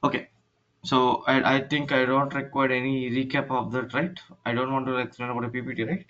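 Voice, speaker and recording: Male instructor, online lecture, halting with fillers, video call, dull lo-fi sound. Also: mid-range voice, little pitch movement, fairly bright tone, a little hiss or hum. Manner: halting, many fillers and restarts.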